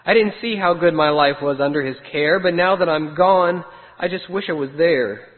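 A man's voice: on the high side, normal speed, close to an everyday voice. A man voicing a timid, lost little male sheep who talks in a worried, pleading way. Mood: worried, sad. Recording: tinny phone-like sound with long reverb.

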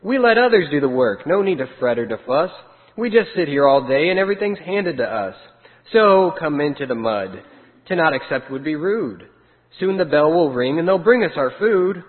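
A man voicing a big, lazy male pig who talks in a relaxed, coaxing way. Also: on the high side, normal speed. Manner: laid-back and coaxing. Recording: tinny phone-like sound with long reverb.

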